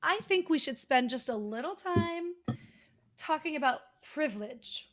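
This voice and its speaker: A woman's voice: high-pitched, expressive, unhurried, noisy background. A woman hosting a podcast, explaining ideas in a teacherly way in long, flowing sentences. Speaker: podcast host. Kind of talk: casual conversational interview.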